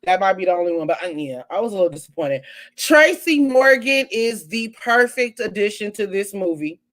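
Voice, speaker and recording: A woman's voice: mid-range voice, expressive, normal speed, a bit bright. A woman hosting her own live online show, chatting casually and animatedly with viewers, full of exclamations and asides. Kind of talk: casual live-stream chat.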